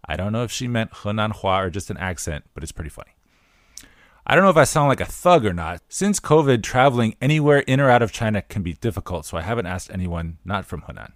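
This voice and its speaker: A man's voice: on the low side, very animated, quick pace, dry recording, clean studio sound. A man co-hosting a language-learning podcast, chatting in an easygoing way as he reads reviews and tells stories. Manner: easygoing, chatty, some fillers. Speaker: podcast co-host. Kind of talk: casual podcast chat.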